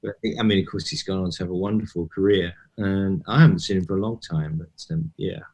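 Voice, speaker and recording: A middle-aged man, an actor as guest, telling animated stories in a relaxed interview and acting out what others said. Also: low voice, fairly quick. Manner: animated storyteller, quotes people in lively voices. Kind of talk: conversational interview.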